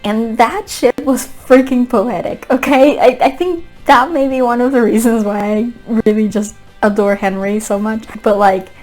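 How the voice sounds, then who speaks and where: A woman's voice: a little high, measured pace, hardly any pauses, a little mellow, soft background music. Chatty woman gushing about a book, rambly, lots of restarts and giggles. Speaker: book vlogger. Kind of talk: casual book review chat.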